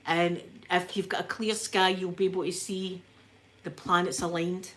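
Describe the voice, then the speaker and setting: A woman with a Glaswegian accent chatting to live viewers in an animated way, a little breathless as she recovers from illness. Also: fairly low pitch, moderate pace. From Scotland. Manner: chatty, animated storyteller, reads out chat names. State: a bit breathless after illness. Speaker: livestream host. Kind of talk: casual chat with live viewers.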